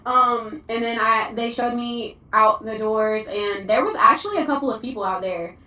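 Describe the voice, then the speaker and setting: A high, bright young woman with a Southern US accent, talking fast and excitably about her day, peppering everything with "like". She sounds set back from the mic in an echoey space, with a little noise underneath. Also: distant mic. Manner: excitable, chatty, full of "like". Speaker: content creator applicant. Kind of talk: casual vlog storytelling.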